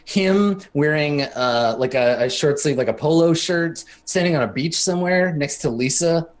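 A man's voice: on the high side, normal speed. A man narrating as game master in a tabletop game, talking casually with lots of fillers. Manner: casual, full of fillers, laughs often.

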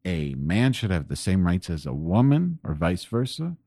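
Male host, very low voice, rambling profane political rant at his home desk. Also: big pitch swings, normal speed, dark tone, no echo, clean studio sound. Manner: rambling, profane and increasingly angry. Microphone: desk microphone pointed at keyboard.

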